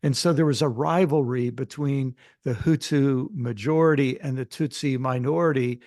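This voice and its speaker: An older man speaks on a discussion panel, recounting an experience in a measured, reflective manner. His voice has a gravelly edge, and the recording is dry and close with no room sound. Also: medium pitch, steady tone, darkish tone, dry recording. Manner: measured, reflective storytelling with small restarts. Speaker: panelist, Christian author.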